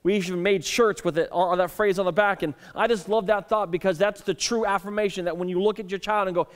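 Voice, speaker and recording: A man's voice: sits high, fairly even intonation, quick pace, few pauses, clean tone. A male pastor in his thirties giving a conversational sermon, telling family stories and often restarting his words. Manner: conversational, self-deprecating storytelling with frequent repeated starts. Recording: long reverb of a church hall.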